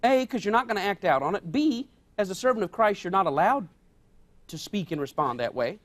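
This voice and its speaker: A man's voice: high voice, expressive, a little fast, a bit bright. A male pastor preaching a sermon in an emphatic way, repeating his key points.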